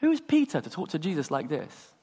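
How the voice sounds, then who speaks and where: A preacher delivers a sermon in a bright, animated way, leaping through his pitch as he acts out conversations. His voice sits a little high for a man. A long reverb trails each phrase, as in a big hall. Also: brisk, husky. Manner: animated storytelling, acts out dialogue.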